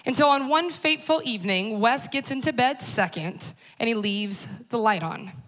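Woman in her 30s with a high voice, chatty wry storytelling to a crowd. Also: expressive, normal speed, a bit bright. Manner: conversational and wry, addressing the audience directly. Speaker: speaker at a church talk series. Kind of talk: personal storytelling talk.

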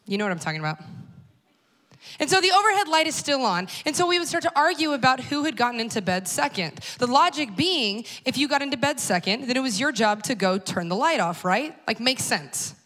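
A woman in her thirties tells a personal story at a church talk series, addressing the audience directly in a conversational, wry style. Her voice is high and fairly bright, with a sing-song lilt and a fairly quick pace.

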